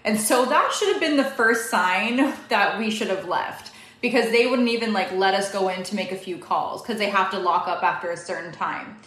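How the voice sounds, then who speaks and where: A young woman tells a personal story as a guest, in a lively, fast, casual way. Her voice sits in the middle of the range. The room around her rings with a clear echo. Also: mid-range voice. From Canada. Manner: fast, animated, many "like" fillers. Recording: echoey room.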